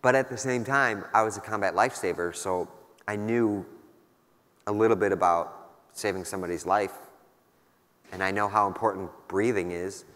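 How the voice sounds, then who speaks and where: A man's voice: on the low side, moderate pace, long pauses, a bit bright. A man in his thirties giving a keynote talk, telling a personal war story in a candid, casual, wry way with lots of fillers. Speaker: keynote speaker. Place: large conference hall. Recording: long hall reverb.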